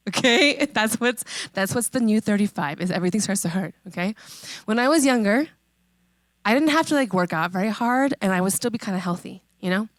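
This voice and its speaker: A woman in her thirties preaching a sermon, conversational and emphatic, repeating questions and slowing on key phrases. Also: mid-range voice, expressive, no echo. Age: 30s. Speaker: pastor.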